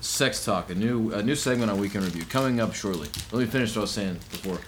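A man's voice: fairly low pitch, fast, background noise. A young man co-hosting a loose, comedic podcast chat, rambling goofily and sometimes breaking into silly songs. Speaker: podcast co-host.

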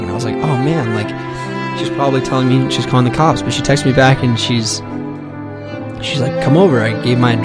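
Young man telling a rambling, profane story. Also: mid-range voice. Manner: casual, profane, self-mocking storytelling with many fillers. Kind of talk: comic personal story told to an audience. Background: music.

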